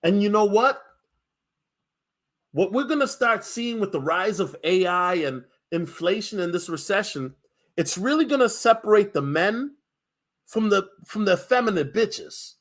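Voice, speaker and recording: A man hosting a casual livestream rant. His voice sits high for a man and swings widely, and his delivery is blunt and slangy. He hammers his points home by repeating them. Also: lively intonation, a little slow, fairly bright tone. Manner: emphatic, slangy, repeats lines for punch. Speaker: livestream host.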